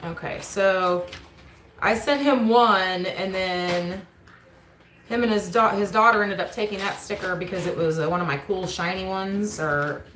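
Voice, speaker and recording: A homestead channel host and mother runs a casual livestream mail call from her table at home, chatting and often stopping to talk to her kids. Her voice is medium-pitched, a bit bright and measured in pace. The camera on the table picks her up with a roomy home echo and slight background noise.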